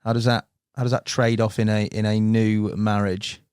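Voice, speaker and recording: A man's voice: fairly low pitch, little pitch movement, normal speed, a little mellow, smooth, no echo, studio quality. A man hosting a podcast interview, friendly and chatty, laughing often and calling his guest mate. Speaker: podcast host. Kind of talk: casual interview chat.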